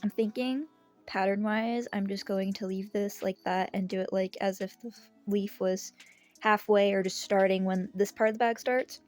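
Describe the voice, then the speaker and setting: Hoarse woman chatting while she sews. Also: medium pitch, steady tone, moderate pace, soft background music. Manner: chatty, self-deprecating, soft laughs. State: hoarse from being sick; out of breath. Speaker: sewing vlogger. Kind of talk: casual crafting vlog chat.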